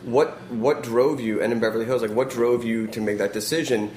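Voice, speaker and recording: A man's voice: medium pitch, steady tone, a little fast, darkish tone. A man hosting an interview, asking long, winding questions full of fillers. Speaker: podcast host, interviewer. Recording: roomy sound with faint noise.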